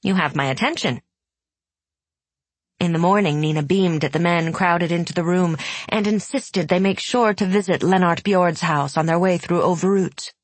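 A woman narrating an audiobook in a measured, even storytelling manner, recorded close to the mic. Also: lowish voice, no room sound. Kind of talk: scripted narration.

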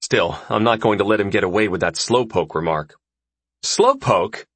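Low, husky male audiobook narrator. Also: brisk, no echo. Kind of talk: first-person story narration.

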